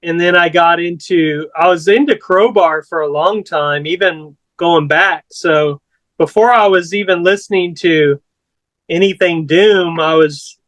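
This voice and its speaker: A man's voice: fairly high pitch, unhurried, a bit bright, no room sound, rough recording. A man from Corpus Christi, Texas, telling a story as a guest musician in a laid-back, rambling way with casual swearing.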